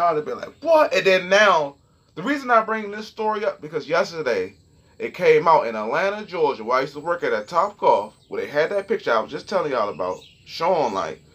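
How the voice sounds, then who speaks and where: Young male vlogger, husky tone, animated and heated, swearing freely while talking to the camera. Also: a little high. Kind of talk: casual storytelling rant.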